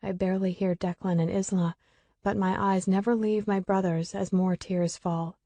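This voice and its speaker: A woman's voice: medium pitch, little pitch movement, normal speed, warm tone, dry recording. A woman narrating a first-person audiobook with an emotional, tearful delivery.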